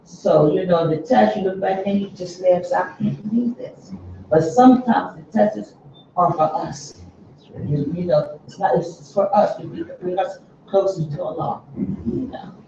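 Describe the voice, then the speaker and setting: A middle-aged woman sharing a personal story with her class, heartfelt and halting, often restarting her sentences. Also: fairly low pitch, warm tone, highs cut off, slight background noise. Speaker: class member. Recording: very echoey room, distant mic.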